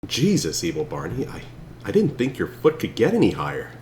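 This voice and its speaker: A man doing comedic chatbot role-play, deadpan and then bursting into shouts. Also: lowish voice, a little fast, a little hiss or hum. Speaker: streamer playing a chatbot.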